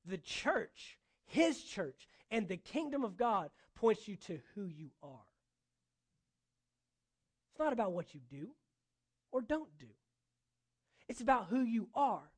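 Male pastor, high voice, preaching with punchy repetition. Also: big pitch swings, takes it slowly, pauses often, breathy edge. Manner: emphatic, repeating phrases for effect. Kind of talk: sermon.

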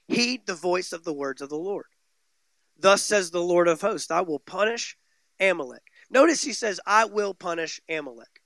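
Emphatic preacher man, bright and high. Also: no echo. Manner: emphatic preaching, repeating phrases with rising and falling intensity. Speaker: pastor. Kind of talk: sermon.

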